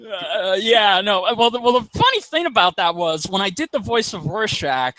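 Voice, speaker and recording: Bright, animated guy with a light voice. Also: moderate pace, dry recording, low-quality recording. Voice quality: light, not deep. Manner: animated, laughs often. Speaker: guest voice actor. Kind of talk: casual podcast chat.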